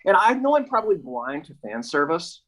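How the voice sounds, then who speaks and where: A man's voice: sits high, big pitch swings, fairly quick, a bit bright, low-quality recording. A man co-hosting a podcast in casual chat, gushing about a film with lots of "like". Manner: gushing, effusive, fillers like "like". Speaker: podcast co-host.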